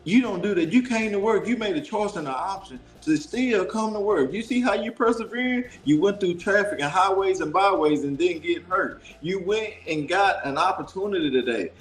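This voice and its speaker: Animated high-voiced man, echoey. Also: faint music behind. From Dallas, Texas. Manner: animated, preachy storytelling with quick voice shifts. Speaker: guest. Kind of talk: casual storytelling.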